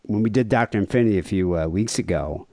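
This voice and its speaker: Wry low-voiced male podcast host. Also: quick pace, mellow, no echo, studio quality. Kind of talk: casual chat, reading case notes.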